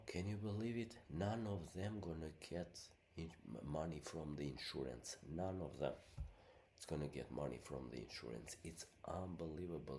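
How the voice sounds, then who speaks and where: Sick for a month, a middle-aged native Albanian speaker sounds stuffed up as he wanders through an informal monologue packed with fillers such as "you know what I mean." His voice is deep and darkish, with a slight hiss or hum in the recording.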